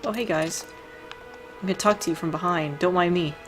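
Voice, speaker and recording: A woman with a fairly low voice hosts a video game playthrough at a moderate pace, leaving long pauses. She chats casually, reads in-game dialogue aloud, and laughs readily over faint background music.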